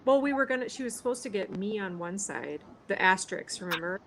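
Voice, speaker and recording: A woman from Minnesota with a Minnesotan accent, chatting casually on a livestream, snarky and quick to laugh. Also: mid-range voice, animated, a crowd in the background, poor audio. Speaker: livestream co-host. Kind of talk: casual chat.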